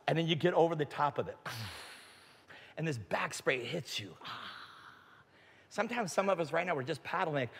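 Male pastor, middle-aged, animated preacher with a high, lively voice in a reverberant hall. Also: a little fast, creaky. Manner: animated, acts out quotes with big pitch jumps, shouts. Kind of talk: animated sermon with storytelling.

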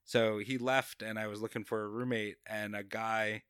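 A man's voice: lowish voice, level tone, normal speed, fairly bright tone, clean tone, no echo, studio quality. A young man from Long Island with a New York accent, chatting as a podcast guest in a rambling way full of restarts. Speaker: guest comedian. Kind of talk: casual podcast chat.

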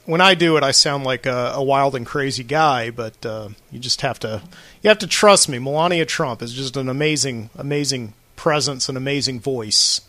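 Bright-voiced man telling a rambling story. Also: medium pitch, moderate pace, no echo. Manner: rambling storyteller, lots of fillers. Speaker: podcast host. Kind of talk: late-night solo monologue. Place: studio.

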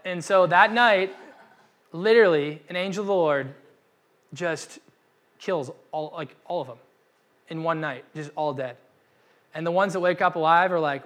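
Animated young man preaching a casual sermon. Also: on the high side, brisk. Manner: animated, acts out quoted voices with slang. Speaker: pastor. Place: church gathering.

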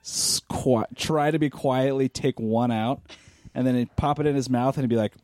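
A man in casual chat, telling an animated story and swearing freely. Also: mid-range voice, fairly quick, no room sound, clean studio sound.

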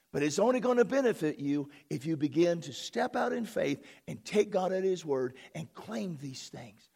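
A man preaching a fervent sermon from a church platform, bursting into shouts and exclamations. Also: sits high, vocal fry, breathy edge. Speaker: pastor.

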